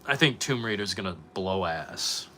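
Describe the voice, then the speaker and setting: A man's voice: sits low, animated, normal speed, pushed and bright, slight background noise. A young man streaming, chatting casually with his viewers, rambling and swearing a lot. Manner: profane, rambling, reacting to chat. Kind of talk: casual live-stream chat.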